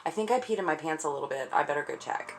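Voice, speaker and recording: A woman's voice: low-pitched, lively intonation, racing, music in the background. A young adult woman, gushing and emotional as she unboxes something on her vlog at home. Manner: gushing, emotional, self-deprecating. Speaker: vlogger. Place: home indoors.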